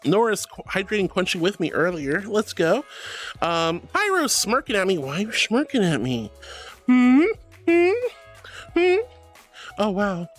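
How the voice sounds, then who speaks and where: A woman's voice: medium pitch, big pitch swings, normal speed, faint music behind. A woman streaming live and chatting with viewers, bubbly and gushing, greeting people with pet names. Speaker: streamer reading chat. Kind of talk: casual live-stream chat.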